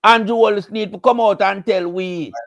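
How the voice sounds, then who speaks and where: A Jamaican man gives political commentary in a measured yet indignant way, stressing certain words. His voice sits somewhat high for a man. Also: fairly even intonation, creaky, a bit bright.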